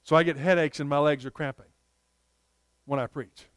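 A man preaching a sermon in a fairly high, smooth voice. He tells stories earnestly and slows down to let key points land. The sound is close and dry, with no room echo. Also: steady tone. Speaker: pastor.

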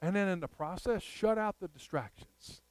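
A man preaching a sermon, telling a Bible story in a lively way and acting out the characters. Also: high voice, moderate pace, dry recording, low-quality recording. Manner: animated storyteller acting out scenes. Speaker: pastor.

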